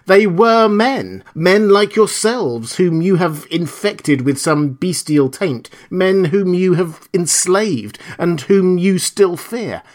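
Guy reading as a desperate castaway man, pleading hard, raised pitch, slow and heated. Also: expressive. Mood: impassioned. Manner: impassioned, pleading. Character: defiant shipwrecked Englishman, desperate.

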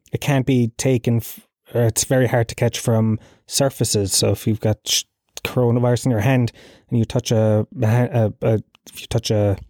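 A man's voice: medium pitch, warm tone, no echo, clean studio sound. An Irish man hosting a solo podcast, talking casually, ranting and swearing freely, and laughing at his own jokes. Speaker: podcast host.

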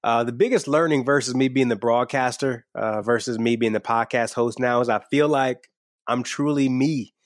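A man's voice: mid-range voice, normal speed, no room sound, studio quality. A man with a slight twang, candidly answering interview questions on a podcast in an earnest, upbeat way. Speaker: podcast guest and host. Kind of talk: conversational interview.

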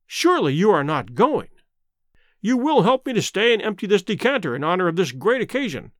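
A man's voice: sits high, big pitch swings, brisk, a bit bright, dry recording, studio quality. A man playing a pompous spiteful old squire. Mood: excited. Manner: indignant, blustering, emphatic.

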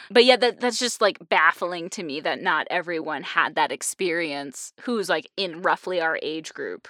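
A young adult woman hosting a casual group podcast chat, animated and laughing often with quick asides. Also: on the low side, no room sound, clean studio sound. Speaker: podcast host.

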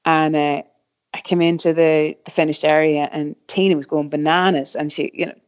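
A woman's voice: deep voice, flat delivery, moderate pace. A middle-aged woman telling stories from her racing career in a casual interview, rambling with lots of fillers and restarts. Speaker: guest, former downhill mountain bike racer. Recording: slightly dull, muffled recording.

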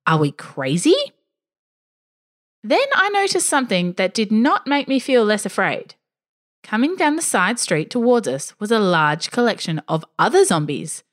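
A woman's voice: on the high side, moderate pace. A woman narrating a scripted first-person story with a dry, wry touch. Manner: expressive, dryly wry first-person telling.

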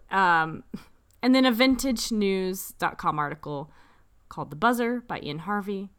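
A woman co-hosting a casual podcast with a lively voice that rises and falls widely. She reads out research notes and keeps breaking into laughter. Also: mid-range voice, unhurried, smooth. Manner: laughs often, playful, does silly voices. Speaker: podcast co-host.

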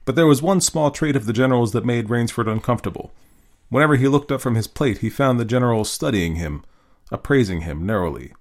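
A man hosting and reading a classic short story aloud in an expressive, varied narrating style. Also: mid-range voice, a little fast. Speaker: host and story reader. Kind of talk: scripted narration.

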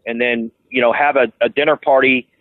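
A man, a restaurant owner, tells long rambling stories with lots of "you know" and false starts. His voice sits at an ordinary pitch and comes through a thin, phone-like line with no room sound at all. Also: fairly even intonation, brisk, no room sound. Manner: rambling, many restarts and fillers. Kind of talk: casual interview storytelling. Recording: dry tinny phone-like line.

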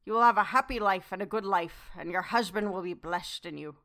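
A woman voicing an old male foreign professor in an audiobook, earnest and effusive, speaking in slow, broken formal English. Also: mid-range voice, sharp tone. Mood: fervent. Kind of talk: audiobook character reading.

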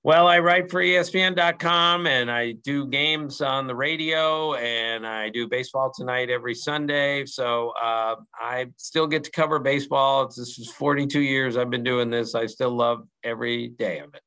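Man, 60s, Maryland-raised baseball reporter; bright, earnest guest voice, easy laugh. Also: medium pitch, normal speed, few pauses, smooth, rough recording. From Maryland, USA. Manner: earnest, opinionated, laughs easily. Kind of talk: podcast interview, casual chat.

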